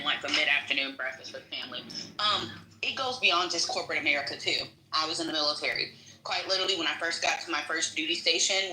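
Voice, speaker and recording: A woman speaks with a very bright, clear voice in an echoey kitchen. She tells stories in a loose, casual way and mimics the people she quotes. Her words are blunt and often coarse. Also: a little hiss or hum. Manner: animated, acts out quoted people in a higher voice; casual, swears freely. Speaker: panel speaker. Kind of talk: casual storytelling on a live panel. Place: home kitchen, cooking while talking.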